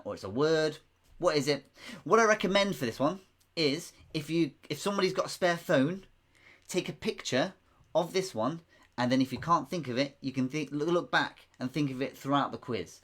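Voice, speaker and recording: Guy running a live pub quiz, rambly, says everything twice, laughs a lot, middle pitch. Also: a bit bright. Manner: rambling, repeats himself, chuckles often. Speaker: quiz host.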